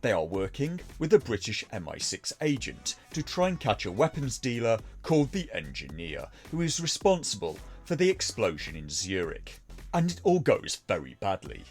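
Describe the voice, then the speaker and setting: A man's voice: lowish voice, huge pitch swings, normal speed, a little mellow, soft background music. A man reviewing a TV episode in a dry, sarcastic, mocking way.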